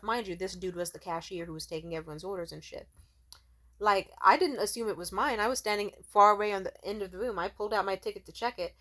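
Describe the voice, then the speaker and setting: Young woman, casual vlogger, animated and fed-up storytelling, swears freely. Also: medium pitch. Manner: exasperated, profane, animated storytelling.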